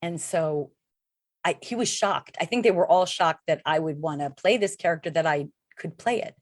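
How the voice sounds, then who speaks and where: A woman's voice: low voice, moderate pace, dry recording, clean studio sound. A middle-aged woman, an actress guest in a casual interview, talking in a chatty, rambling way with many fillers.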